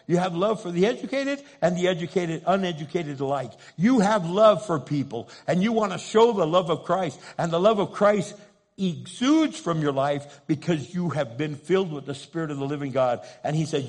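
A man who is a pastor, preaching a sermon with passion, rising to loud pleading and dropping to hushed asides. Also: on the high side.

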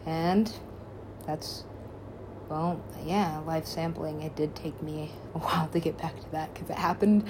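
A woman's voice: on the low side, steady tone, moderate pace, dark tone, a little hiss or hum. Rambling woman telling a wild story. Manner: rambling, swears freely, laughs often. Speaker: musician and DJ. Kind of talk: casual storytelling.

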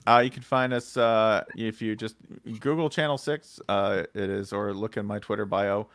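Wry, animated male podcast guest. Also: lowish voice, normal speed, dry recording. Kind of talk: casual podcast chat.

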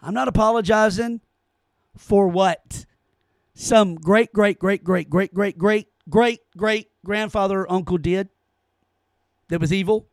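A man with a fairly high voice hosts his own commentary podcast and rants with heat and sarcasm, tripping over repeated words. The sound is close and dry, with no room echo. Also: measured pace. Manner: heated, sarcastic, stammering ranting. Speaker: podcast host.

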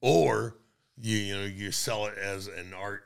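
Deep gravelly man cracking quips. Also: measured pace. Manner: joking, short quips. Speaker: podcast co-host. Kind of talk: casual chat.

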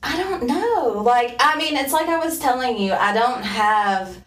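A woman with a drawn-out Southern twang from Tennessee, chatting casually as a co-host. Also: fairly high pitch, expressive, a bit bright, roomy sound, distant mic. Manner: drawn-out twang, tongue-tied at speed. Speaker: podcast co-host. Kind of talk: casual chat.

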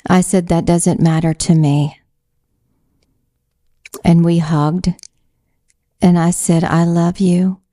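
A middle-aged woman speaks slowly and earnestly, sharing a personal Christian testimony and repeating key phrases for emphasis. Her voice is low and mellow, close and dry with no room sound. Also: little pitch movement, no echo. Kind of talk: slow heartfelt testimony and exhortation.

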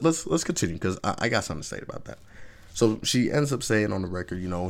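A man's voice: low-pitched, big pitch swings, brisk, vocal fry, a bit bright. A man hosting his own vlog, giving casual opinion commentary in an emphatic, rambling way with frequent rhetorical check-ins. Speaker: vlog host.

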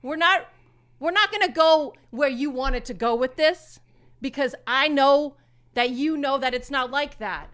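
A woman putting on a blustering male poker show host who circles back on every sentence and keeps plugging his sponsor. The voice sits high and sounds bright and pointed, a comedic impression of a self-important showman. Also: a little slow. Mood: rambling bluster. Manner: rambling, repetitive, mock sponsor plugs.

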